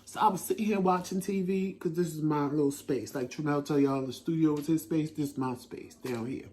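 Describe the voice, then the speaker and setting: A middle-aged man telling stories in a casual chat as a talk show co-host, lively and laughing, acting out what he said. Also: on the high side, fairly quick. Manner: animated, laughing storyteller who acts out his own quotes. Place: home living room.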